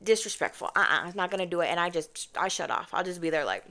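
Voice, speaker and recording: A woman's voice: fairly low pitch, animated, fast, pushed and bright. A young woman telling a storytime to her viewers on her own mic, chatty and sassy, often mimicking other people in mock voices. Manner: sassy, addresses viewers as babes and y'all. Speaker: vlogger. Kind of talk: casual storytime monologue. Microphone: personal microphone.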